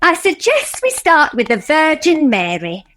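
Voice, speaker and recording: A woman's voice: high-pitched, huge pitch swings, a little slow, a bit bright, exaggerated voice. A woman playing a fussy, flustered middle-aged woman helping run nativity auditions in a radio sitcom. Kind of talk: comedy radio sitcom acting.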